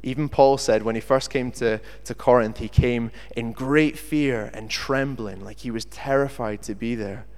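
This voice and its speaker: A man delivers a sermon in an animated storytelling manner, acting out the voices of the people in his story. His voice sits at an ordinary middle pitch. It rings out with the long reverb of a large hall. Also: moderate pace, few pauses. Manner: animated storyteller who acts out quotes. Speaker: preacher.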